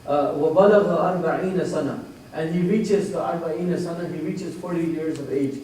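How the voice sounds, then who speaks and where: A man teaches a Quran class in a mellow, fairly high voice. He explains Arabic words and recites verses quickly. He is recorded from a distance in a very echoey room with faint noise behind him. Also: fairly even intonation.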